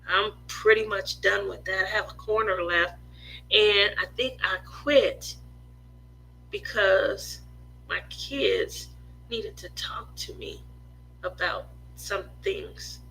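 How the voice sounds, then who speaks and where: A woman's voice: medium pitch, slow, vocal fry, sharp tone, slight background noise, rough recording. A woman in her forties chatting casually and openly to her viewers as a craft vlogger, rambling with lots of "you know" and "um". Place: home craft room.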